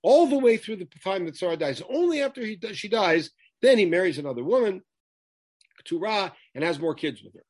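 A man's voice: high voice, sing-song, a little fast, a little mellow, no echo. A man teaching a Torah lesson, quoting Hebrew verses and translating them emphatically. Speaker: Bible teacher.

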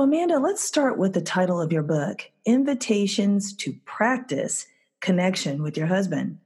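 A woman's voice: mid-range voice, warm tone, husky. A woman hosting a podcast interview while she has a cold, reading her introduction and questions in an earnest, scripted way. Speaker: podcast host.

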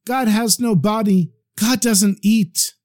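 Brief: a man playing an older scolding rabbi, raised pitch, storybook read. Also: takes it slowly, darkish tone. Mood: indignant. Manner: scolding, exasperated. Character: stern indignant old male rabbi.

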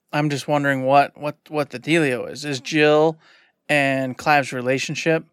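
A man in his forties co-hosting a casual gaming podcast, talking in an animated, emphatic way with quick asides. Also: on the high side, clear, resonant tone, no echo, studio quality. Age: 40s. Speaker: podcast co-host.

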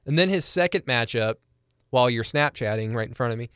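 Smooth-voiced man talking sports. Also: medium pitch, expressive, fairly quick, fairly bright tone, no room sound, studio quality. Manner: chatty and analytical, laughs easily. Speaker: sports podcast co-host. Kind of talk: casual sports talk.

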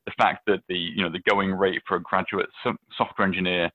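A man's voice: sits low, flat delivery, a little fast, no room sound. A British man, a venture capitalist, chatting through his early investing stories with plenty of fillers and restarts. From England. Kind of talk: casual interview answers. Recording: dry, tinny phone-like line.

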